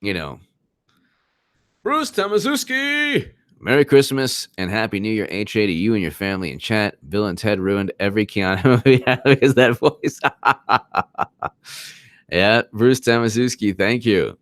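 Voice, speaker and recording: A man's voice: lowish voice, sing-song, measured pace, fairly bright tone, dry recording, clean studio sound. A man hosting a casual political commentary livestream, rambling, mocking, and reading out chat. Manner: laughs while reading chat. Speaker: livestream host.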